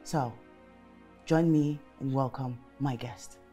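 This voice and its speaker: A woman hosting a casual talk show, animated and emotional, speaking dramatically. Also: lowish voice, unhurried, loud music behind the voice. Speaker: host.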